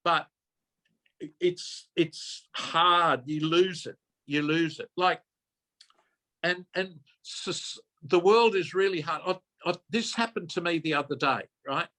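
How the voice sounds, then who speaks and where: A man's voice: fairly high pitch, slow, pushed and bright. An older man, a minister telling a personal story in an earnest way, often repeating and correcting himself. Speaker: minister giving a talk.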